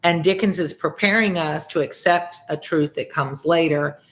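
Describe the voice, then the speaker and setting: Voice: mid-range voice, normal speed, fairly bright tone. A tutor reading a classic novel aloud and breaking off for casual explanations, with frequent fillers. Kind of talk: read-along with commentary.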